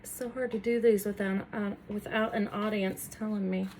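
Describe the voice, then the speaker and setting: A woman's voice: medium pitch, steady tone, moderate pace, a little mellow, slight background noise. A middle-aged woman chatting casually while she paints and works in her home workroom, self-deprecating and talking to the camera as she goes. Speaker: furniture makeover creator. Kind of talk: casual DIY tutorial chat.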